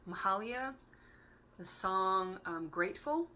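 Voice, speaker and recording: Woman, tarot reader vlog. Bright, forward tone; loose, giggly, free-associating delivery. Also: mid-range voice, animated, slow pace. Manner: chatty, giggly and playful. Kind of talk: casual tarot reading.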